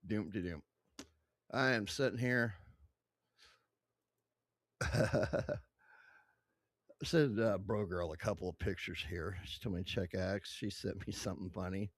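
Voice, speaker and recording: A man's voice: fairly low pitch, a little slow, long pauses, no room sound. A man casually reacting to online clips, crude, profane and blunt. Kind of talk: casual reaction stream commentary.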